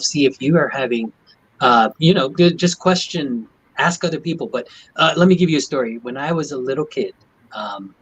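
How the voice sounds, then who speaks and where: A man's voice: medium pitch, fairly bright tone, slightly rough, poor audio. A man who is a doctor, talking on a video panel and telling a personal story in an earnest way. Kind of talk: video call chat.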